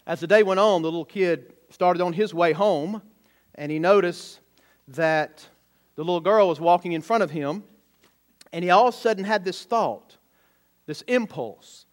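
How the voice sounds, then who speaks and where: High-voiced preacher giving a sermon. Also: male voice, moderate pace. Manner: storytelling with emphatic, rising exclamations.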